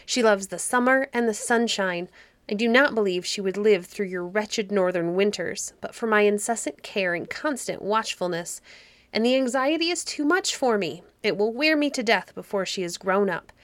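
A woman reading aloud, voicing a temperamental queen in a fairy story, anguished and sharp. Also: medium pitch, moderate pace, dry recording, close to an everyday voice. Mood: angry.

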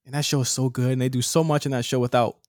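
A man's voice: medium pitch, flat delivery, fast talker, no echo, studio quality. A man co-hosting a TV recap podcast, bluntly critiquing an episode and swearing freely. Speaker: podcast co-host. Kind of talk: casual TV recap chat.

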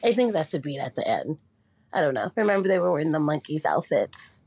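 A woman's voice: low-pitched, sing-song, vocal fry, darkish tone, slightly rough, dry recording. A woman who is sick, leaving a voice message for a podcast and singing snatches of songs. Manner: slow, sings song snippets. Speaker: listener calling in with a voice message.

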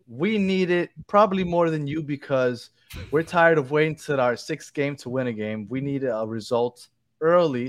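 A man's voice: mid-range voice, no echo, studio quality. A man hosting a podcast, giving updates in a rambling, casual chat. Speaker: podcast host.

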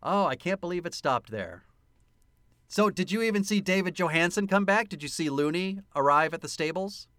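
A man co-hosting a podcast, excitedly retelling a film scene by scene with lots of laughter, in casual chat. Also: high-pitched, moderate pace, no echo, studio quality. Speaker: podcast co-host.

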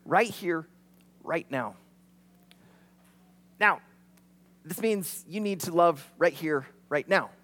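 A man preaching a sermon with a high voice that swings widely in pitch. His delivery is animated, and he acts out the quotes he tells. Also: takes it slowly, pauses often. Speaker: pastor.

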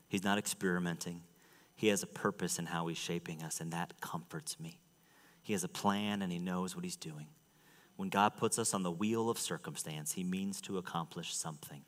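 A man preaching a sermon to a church, rising to loud, high fervent stretches and dropping to quiet asides. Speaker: pastor. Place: church sanctuary. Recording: long hall reverb.

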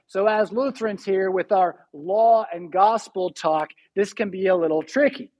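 Husky-voiced man preaching a sermon. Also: high-pitched, darkish tone. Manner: conversational preaching, reads scripture slowly and emphatically. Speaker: pastor.

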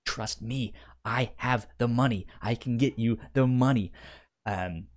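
A man co-hosting a podcast, casually recapping a TV series with frequent stammers and repeated syllables, swearing freely and acting out characters' lines. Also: medium pitch. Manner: acts out characters' lines in quick quoted bursts. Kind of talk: casual chat.

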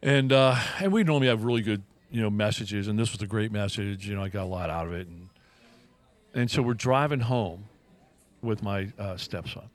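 A man's voice: fairly low pitch, a little fast. A man co-hosting a talk show, telling a personal story in a casual, earnest way with frequent restarts and emphatic turns. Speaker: podcast co-host.

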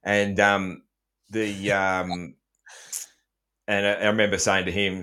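A man's voice: sits low, little pitch movement, measured pace, bright, forceful tone. A middle-aged Australian man hosting a casual chat, joking around and swearing freely, with plenty of ums. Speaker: podcast host.

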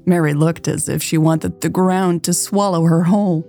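Gravelly woman narrating a romance. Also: lowish voice, fairly even intonation, normal speed, few pauses, warm tone, soft background music. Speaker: audiobook narrator. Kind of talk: scripted romance story narration.

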